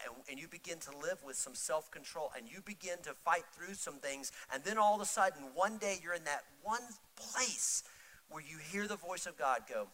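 A middle-aged male pastor preaching a sermon, swinging from loud, urgent pleading to soft, intimate storytelling. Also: on the high side, expressive, moderate pace, poor audio.

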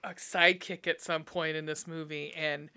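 A woman's voice: low-pitched, flat delivery, normal speed, pushed and bright, smooth. A woman co-hosting a podcast, recapping a movie in casual chat, swearing freely and laughing often. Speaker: podcast co-host.

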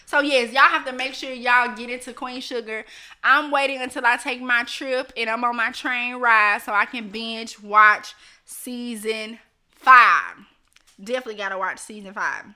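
A woman's voice: fairly high pitch, steady tone, brisk, pushed and bright. A woman hosting a casual live stream, reading viewer comments aloud and chatting directly to her audience with frequent laughs. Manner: chatty, laughs often, talks straight to viewers.

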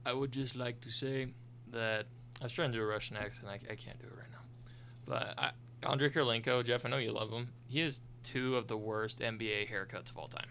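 A man co-hosting a sports podcast, chiming in with quick playful remarks. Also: medium pitch, steady tone, gravelly, bright, forceful tone, a little hiss or hum. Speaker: podcast co-host. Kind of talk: casual sports chat.

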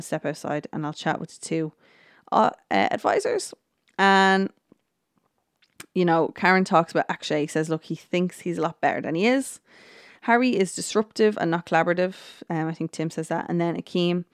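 A woman hosting a podcast, giving a casual, chatty recap of a TV episode and often filling pauses with "look" and "um". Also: fairly low pitch, no echo, studio quality. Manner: chatty retelling full of "look" and "um". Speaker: podcast host.

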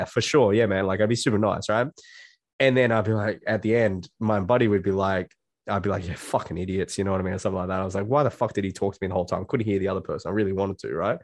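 A man's voice: fairly low pitch, no room sound, clean studio sound. A man speaking as a guest life coach in a casual podcast conversation, blunt and swearing freely, acting out his own self-talk in quotes.

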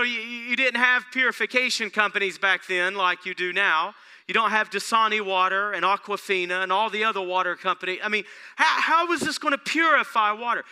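A male pastor preaching a sermon, throwing rhetorical questions at the congregation and building excitement. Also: sits high, clear, resonant tone.

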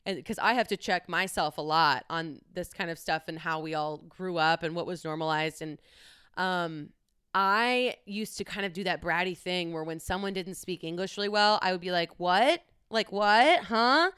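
A woman's voice: on the low side, moderate pace, a bit bright, clean tone, no echo, clean studio sound. A young woman talking candidly on her own, chatty and casual, with frequent swearing. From United States. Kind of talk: casual solo monologue.

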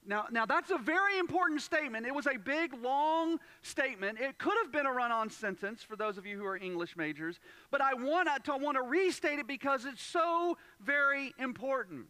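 High, bright-voiced male preacher. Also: expressive, normal speed, dry recording. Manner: emphatic preaching, repeats key phrases, builds to loud points. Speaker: pastor. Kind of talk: sermon.

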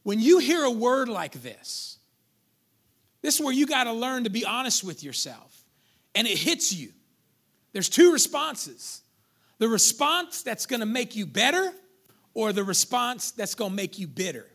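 A high-pitched man preaching a lively sermon. He swings from loud, driving peaks down to hushed asides. He acts out everyday voices as he goes. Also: unhurried. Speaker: pastor.

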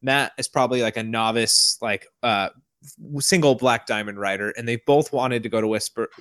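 A man's voice: medium pitch, moderate pace, fairly bright tone, clean tone, no room sound, clean studio sound. A man co-hosting a casual podcast, telling stories in a laid-back, laughing way. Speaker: podcast co-host.

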